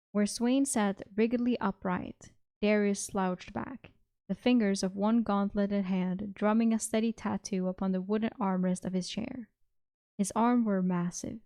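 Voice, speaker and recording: A young woman streamer reading a fantasy story aloud at an unhurried pace, now and then correcting a word. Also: medium pitch, warm tone. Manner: unhurried, occasional self-corrections.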